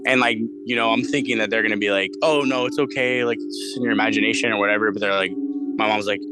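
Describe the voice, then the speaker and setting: This studio guest, a man in his twenties, has a fairly low pitch and flat delivery, firing off words rapidly over loud music. His spooky personal tale comes out rambling and casual, full of swearing and filler words.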